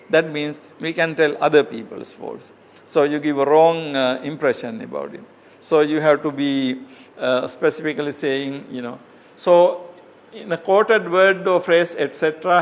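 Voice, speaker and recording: Man lecturing slowly with rhetorical questions. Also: fairly high pitch. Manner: explains step by step with many fillers and rhetorical questions. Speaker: professor lecturing. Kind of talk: academic lecture.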